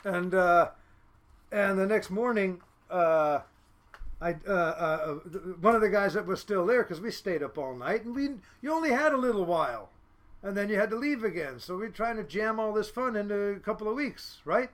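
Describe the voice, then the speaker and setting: High-voiced man telling lively stories. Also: moderate pace. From Seattle, United States. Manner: lively, laughing anecdotes with many fillers. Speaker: podcast guest, fishing boat captain. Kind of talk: casual storytelling.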